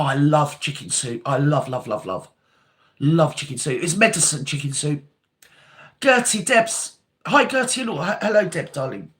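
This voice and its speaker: A woman's voice: lowish voice, a bit bright. An older woman, hosting a casual live chat, reading out viewer comments and calling them darling. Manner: chatty, calls viewers darling and sweetheart.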